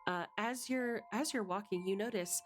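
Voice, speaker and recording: A woman running a tabletop game as game master, describing scenes with many fillers and pauses. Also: medium pitch, soft background music.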